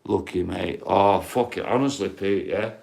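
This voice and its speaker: Bloke on a livestream, swears a lot, chats to viewers by name, lowish voice. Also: male voice, normal speed, vocal fry, a little mellow. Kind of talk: casual livestream chat.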